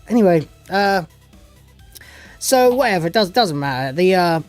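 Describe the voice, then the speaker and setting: A man's voice: high-pitched, expressive, normal speed, smooth, soft background music. A man giving a casual spoken recap of a TV episode as a reviewer, sarcastic and dismissive, rambling with many fillers. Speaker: show reviewer.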